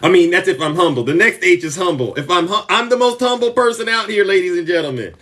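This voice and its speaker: Male streamer host, showy and boastful, high bright voice, sits a bit back from the mic. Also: quick pace, far from the mic. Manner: boastful, theatrical, rising to shouts. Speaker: political commentary streamer. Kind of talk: live-stream political commentary.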